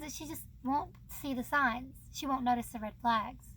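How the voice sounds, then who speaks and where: A woman's voice: sits high, measured pace, fairly bright tone. A young woman hosting her book channel, chatting casually and bubbly, laughing often. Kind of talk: casual chat about books.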